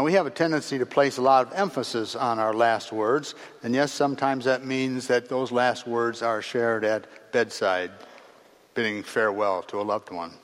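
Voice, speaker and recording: A man preaching a sermon in a measured, earnest way, pausing between phrases and letting his voice drop at the ends of sentences. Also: medium pitch. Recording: long reverb of a large hall.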